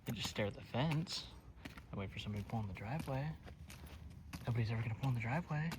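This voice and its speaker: A young man rambling in a laid-back way, often keeping his voice low, in a casual outdoor hunting vlog. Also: lively intonation, very fast. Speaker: hunting vlogger. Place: outdoors in woods by a food plot. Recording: outdoor noise behind. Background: outdoor noise.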